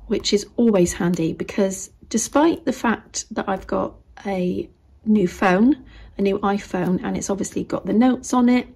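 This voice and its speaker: A British woman chats through a casual craft vlog, showing off items to the camera. Her voice sits at an ordinary middle pitch. She keeps slipping into soft, half-whispered asides. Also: measured pace, creaky, hardly any pauses, breathy edge. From United Kingdom. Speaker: craft vlogger.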